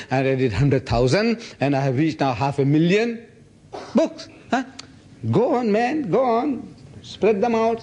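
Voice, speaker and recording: A man in his seventies giving a public lecture and answering audience questions, telling stories with lively energy. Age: 70s. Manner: animated storytelling, acts out others' voices with big pitch jumps.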